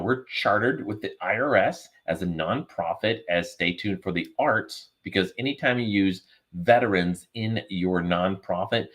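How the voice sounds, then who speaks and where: Over a video call, a man guesting on a podcast recounts an earnest, emotional story, performing the lines of dialogue himself. His voice is low with a fairly bright tone, and the talk is remote-interview storytelling.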